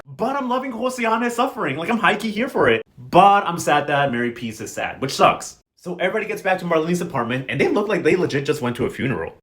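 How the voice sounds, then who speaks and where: A young man breaks down a soap opera episode in a chatty vlog recap. His voice sits slightly high for a man. His delivery is sassy and full of slang, like gossiping with friends. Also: a bit bright.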